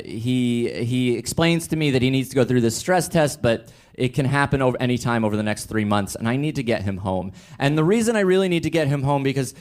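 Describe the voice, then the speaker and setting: A young man telling a personal story on stage, wry and rambling, full of restarts and fillers. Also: medium pitch. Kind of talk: live storytelling.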